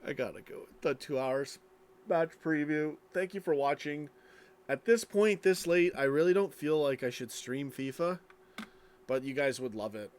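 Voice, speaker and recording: A man's voice: a little high, animated, normal speed. A tired man streaming late at night, reading chat and rambling casually, yawning as he talks. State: sleepy, yawning.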